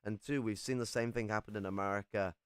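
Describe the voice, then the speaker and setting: A man's voice: fairly low pitch, fairly even intonation, fast talker, smooth, no room sound, clean studio sound. A young man from England in casual chat, rambling and swearing a lot as he talks.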